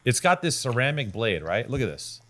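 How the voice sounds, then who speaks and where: A man's voice: medium pitch, sing-song, fairly quick, fairly bright tone. A man hosting a podcast, reading ads in a brash, profane, joking riff. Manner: brash and profane, riffing jokes. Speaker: podcast host. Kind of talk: casual podcast ad read.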